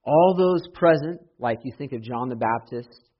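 A man preaching a Sunday sermon as pastor, building to loud, impassioned emphasis when he quotes scripture. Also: medium pitch, lively intonation, normal speed, breathy edge. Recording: dull lo-fi sermon audio.

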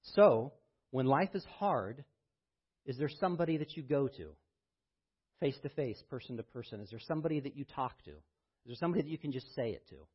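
A man preaching a sermon as pastor, reading scripture with rising intensity and then talking in a low, quiet voice. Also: animated, fairly quick, breathy edge, dull audio.

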